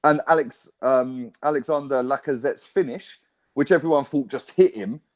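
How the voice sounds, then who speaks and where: A man's voice: medium pitch, normal speed. Blunt young man. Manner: blunt, emphatic, swearing. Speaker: football fan show guest host. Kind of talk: casual chat.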